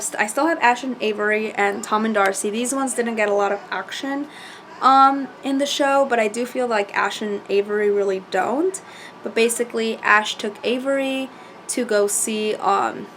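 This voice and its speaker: A woman chatting casually as she recaps a reality show, animated and full of fillers and quoted asides. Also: medium pitch, a little hiss or hum.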